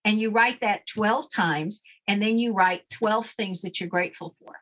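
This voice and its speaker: A woman's voice: medium pitch, moderate pace, fairly bright tone. A woman guest explaining a daily routine step by step in a firm, instructive way during a casual interview. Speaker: guest, name expert.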